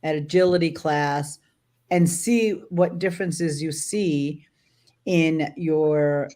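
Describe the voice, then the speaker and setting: A woman's voice: sits low, takes it slowly, warm tone. Chatty woman dog trainer hosting. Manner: chatty, many restarts and "right?" tags. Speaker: dog trainer and show host. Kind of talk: casual chat.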